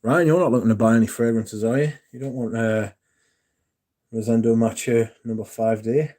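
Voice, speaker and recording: A man hosts a casual livestream. His voice is mellow and dark, and he rambles along in a chatty, loose way, swearing freely. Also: mid-range voice, steady tone, fairly quick. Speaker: livestream host. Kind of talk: casual chat.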